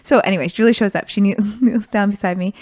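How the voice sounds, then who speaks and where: Woman, podcast host, mid pitch, earnest storyteller, dry close sound. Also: fast, darkish tone, no echo. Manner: earnest, heartfelt retelling. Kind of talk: casual conversation, personal story.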